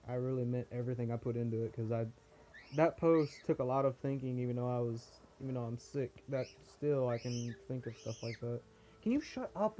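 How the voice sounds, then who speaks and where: A teenage boy with a bad cold and cough talks to camera in a rambling, complaining vlog. His voice is mellow and warm, sitting at an ordinary pitch for a young man. He drifts from story to story, often laughing at his own misery. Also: a little hiss or hum. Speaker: vlogger. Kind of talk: casual vlog chat. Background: pet cockatiel.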